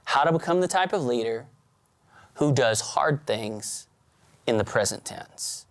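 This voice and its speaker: Guy giving a pep talk to students, acts out stories, voice jumps way up and down. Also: measured pace. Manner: animated storyteller who swings his pitch widely and acts out scenes. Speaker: speaker at a student leadership event.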